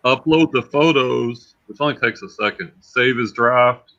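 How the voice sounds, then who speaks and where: A man's voice: mid-range voice, a little slow, pushed and bright. A man hosting a casual livestream, chatty and repeating words as he thinks aloud. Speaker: livestream host and reseller. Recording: slightly dull lo-fi sound.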